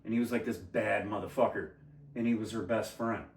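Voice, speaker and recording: A man telling a crude story in casual talk, swearing a lot, laughing and shouting out the lines he quotes. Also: fairly low pitch, fairly even intonation, brisk, slight background noise. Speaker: podcast guest telling a story. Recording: echoey room from far off the mic.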